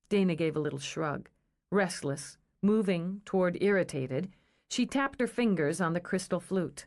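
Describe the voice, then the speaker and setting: A woman reading a romance novel aloud in a measured, expressive storytelling style. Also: fairly low pitch. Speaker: audiobook narrator. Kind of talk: scripted narration.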